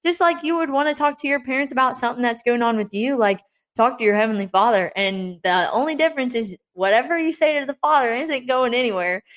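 A young woman giving a casual Christian devotional talk, earnest and chatty, encouraging her listeners with playful asides. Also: fairly high pitch.

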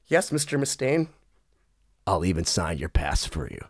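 A man doing a short-tempered male rock star who barks orders in a lowered voice. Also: very animated, normal speed, no room sound, clean studio sound, heavily acted. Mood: gruff. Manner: barking, shouted orders.

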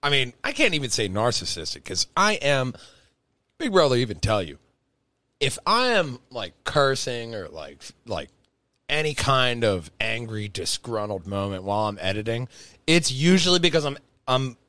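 A man hosting a podcast in casual chat, animated and swearing freely, with loud bursts when excited. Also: medium pitch, normal speed, no echo. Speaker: podcast host.

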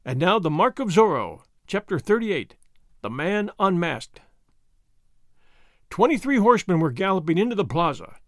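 A man narrating a classic adventure novel as an expressive audiobook host. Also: high-pitched, moderate pace, dry recording, clean studio sound.

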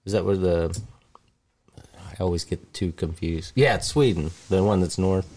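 A man's voice: sits low, normal speed, darkish tone. A man co-hosting a casual podcast, talking hesitantly with many fillers. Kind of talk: casual chat.

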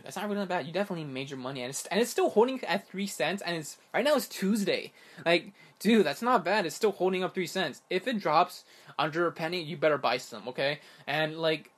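A young man vlogging casually about crypto, animated and exasperated, rambling with many restarts. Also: on the high side. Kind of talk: casual ranting monologue.

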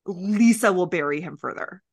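A woman co-hosting a casual chat podcast, talking in an animated, wry way and laughing often. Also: fairly low pitch, moderate pace, breathy edge, dry recording, studio quality. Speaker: podcast co-host.

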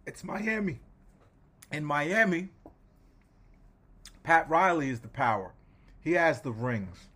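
A slow-talking man co-hosting a podcast, with a slightly high voice. He makes his points emphatically and animatedly, breaking off mid-thought now and then in casual talk. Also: expressive, sharp tone, slightly rough. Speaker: basketball podcast co-host.

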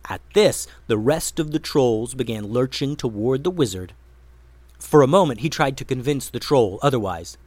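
Guy reading a kids adventure story out loud, super lively up and down voice, dry sound. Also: medium pitch, moderate pace, no room sound. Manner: expressive, animated reading. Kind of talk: children's story narration.

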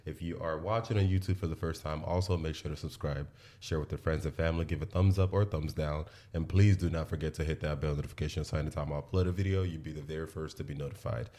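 Very deep-voiced male podcast host. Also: steady tone, fast, hardly any pauses, dark tone. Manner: emphatic, conversational, frequent "you know what I'm saying". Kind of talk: casual podcast chat.

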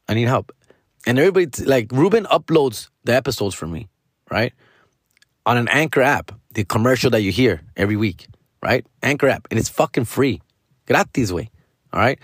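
A man in his forties hosts his own podcast, rambling casually in slangy, profane talk and dropping "fool" and "dog" all over. His voice is medium-pitched with a breathy edge. The recording is clean studio sound with no room sound.

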